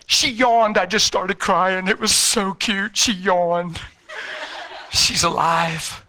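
A man telling an emotional personal faith story in an animated way, repeating words and acting out what people said. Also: sits high, takes it slowly. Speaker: speaker sharing a personal faith testimony.

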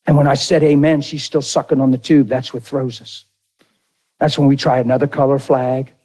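A middle-aged man preaching a sermon through an animated, folksy personal story. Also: mid-range voice, normal speed. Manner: animated, folksy, drawls into dramatic retellings.

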